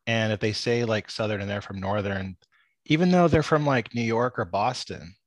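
An American man hosting a podcast, talking casually and animatedly. His voice sits fairly low. The sound is dry and close. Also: moderate pace, no room sound. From United States. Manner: animated storyteller, acts out quotes. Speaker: podcast host. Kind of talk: casual interview conversation.

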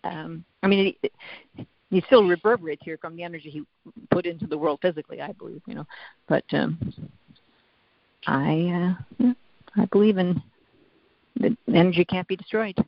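A soft-spoken guest talks in a reflective, halting way, with a mid-range voice. The sound is dry and close. The recording is muffled and lo-fi. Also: mid-range voice, vocal fry, no room sound. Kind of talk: casual conversation.

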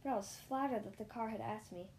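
A woman narrating a children's story in the first person, lively, with small slips and restarts. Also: mid-range voice, fast talker, a little hiss or hum. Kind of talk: reading a children's story aloud.

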